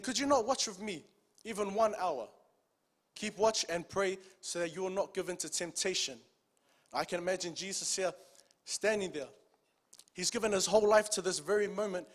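High-voiced man preaching a sermon. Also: a bit bright. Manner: calls out to the congregation with "Amen" and "church"; reads scripture aloud, slowing on key phrases.

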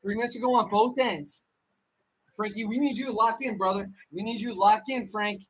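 A man with a high, bright voice streams his reaction to a tense game, fretful and repetitive. Slight background noise sits under his voice. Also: normal speed, rough recording. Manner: anxious, excitable, repeats phrases over and over. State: out of breath. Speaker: streamer hosting a hockey watch-along. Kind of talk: live reaction commentary.

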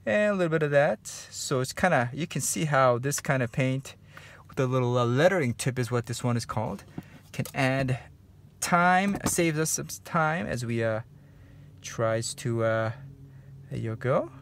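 A man's voice: medium pitch, animated, a little slow, a little hiss or hum. A man teaching a home painting lesson step by step, easygoing and chatty, with many fillers and repeated encouragement. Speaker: painting instructor. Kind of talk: relaxed step-by-step tutorial. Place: home studio.

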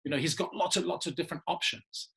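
An English man, an actor, telling lively anecdotes in a casual interview and laughing often. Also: a little high, fast, creaky, husky. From England. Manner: animated storyteller, laughs often. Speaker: actor guest.

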